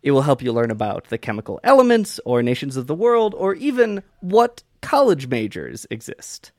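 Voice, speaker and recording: A man's voice: mid-range voice, huge pitch swings, moderate pace, darkish tone, dry recording, clean studio sound. A man co-hosting a podcast, chatty and wry in casual conversation. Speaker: podcast co-host. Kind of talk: casual chat.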